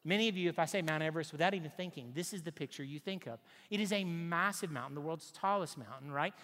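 A man delivers a sermon in a somewhat high voice, emphatic and direct. He keeps asking the congregation questions and repeating his main points. His voice rings with the long reverb of a large church hall. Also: quick pace, fairly bright tone. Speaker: preacher.

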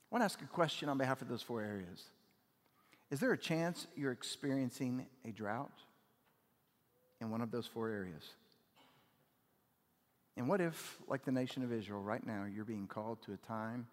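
A man preaching a sermon as pastor, conversational with fillers, swinging from loud emphatic peaks down to low, quiet lines. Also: normal speed, long pauses. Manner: conversational, with "like" fillers and audience questions. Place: church auditorium. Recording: long hall reverb.

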